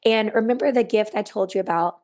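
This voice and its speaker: A woman hosting a self-help podcast, earnest and repeating key phrases, her voice raspy and worn. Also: medium pitch, a little fast, darkish tone. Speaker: podcast host. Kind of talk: encouraging self-help monologue.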